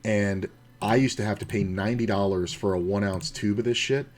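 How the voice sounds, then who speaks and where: An American man streams an online poker session, muttering casually and profanely to himself about his hands and telling stories between plays. His voice is on the low side, fairly even in intonation, and brisk.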